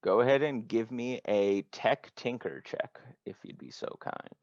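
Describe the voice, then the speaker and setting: A man narrating as game master for a tabletop game, slow and halting with many restarts. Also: medium pitch, lively intonation, a little mellow, dry recording. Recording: dry, dull lo-fi sound.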